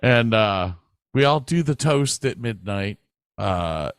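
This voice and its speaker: A man's voice: lowish voice, lively intonation, slow, smooth, no echo, studio quality. A middle-aged man co-hosting a podcast, telling loose, rambling stories in a casual chat and swearing freely. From northern United States. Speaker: podcast co-host.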